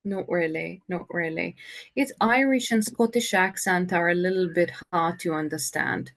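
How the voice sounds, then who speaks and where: A woman teaching an English conversation lesson, speaking slowly and patiently with many fillers. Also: fairly low pitch, vocal fry.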